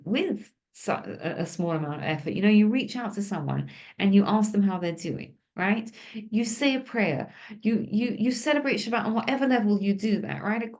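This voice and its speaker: A woman's voice: mid-range voice, a little mellow. A woman teaching an informal religious lesson, talking conversationally and asking the group questions.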